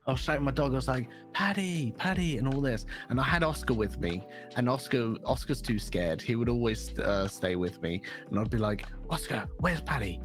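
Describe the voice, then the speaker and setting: A young man chats on a podcast and tells a long, rambling story full of swearing. His voice sits at an ordinary middle pitch for a man. Faint music plays quietly behind him. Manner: rambling, animated storyteller who swears freely. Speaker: podcast co-host. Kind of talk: casual podcast chat.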